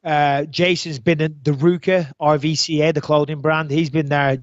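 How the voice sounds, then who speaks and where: A man hosting a podcast, telling stories in an animated, joking way and swearing freely. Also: on the high side, moderate pace, no echo, dull audio. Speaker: podcast host. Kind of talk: casual podcast chat.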